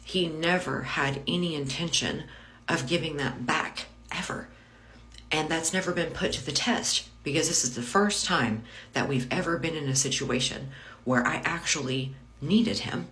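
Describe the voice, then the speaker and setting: A woman's voice: low voice, moderate pace, fairly bright tone. A middle-aged woman telling a personal story in a candid, emotional monologue, with restarts and some swearing. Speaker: content creator telling her own story.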